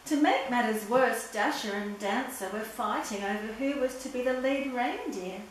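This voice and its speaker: A woman with a fairly high voice reads a children's storybook aloud, gentle and expressive. She sounds far from the mic in a very echoey room, with a faint hiss behind her. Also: a little slow.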